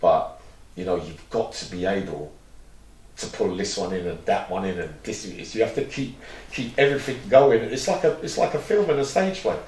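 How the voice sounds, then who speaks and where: A man's voice: lowish voice, expressive, moderate pace, darkish tone, distant mic. A man, an interview guest telling long, rambling stories and acting out what others said. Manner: rambling, acts out quoted dialogue. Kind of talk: candid storytelling interview. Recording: roomy echo, mic set back.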